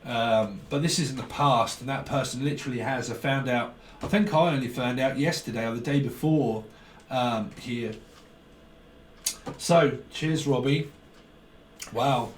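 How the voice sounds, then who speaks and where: A man giving a casual tarot reading, rambling in a stream of consciousness and chuckling often. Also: mid-range voice. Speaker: tarot reader. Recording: roomy, distant mic, faint background noise.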